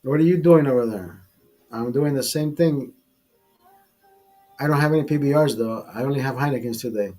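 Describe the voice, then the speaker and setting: Husky profane man telling a bar story. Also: mid-range voice, normal speed, long pauses, mellow, soft background music. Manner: profane, rambling anecdote teller. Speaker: livestream host. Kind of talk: casual drinking livestream storytelling.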